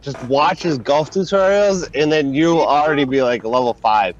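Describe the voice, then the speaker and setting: A man's voice: on the high side, moderate pace, highs cut off, a little hiss or hum. A young man in a casual group chat, blunt and profane, using slang. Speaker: podcast panelist.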